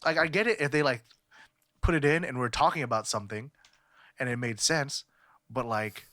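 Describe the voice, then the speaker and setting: A man's voice: mid-range voice, moderate pace, no room sound. A young man from California co-hosting a podcast, telling stories in a rambling, profane way, full of fillers. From California, United States. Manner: rambling, filler-heavy, profane, animated storytelling. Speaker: podcast co-host. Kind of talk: casual podcast chat.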